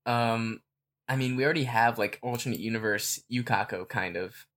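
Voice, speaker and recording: A man co-hosting a podcast, talking through fan theories in a relaxed, rambling way with lots of fillers. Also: mid-range voice, moderate pace. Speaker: podcast co-host. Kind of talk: casual fan theory chat.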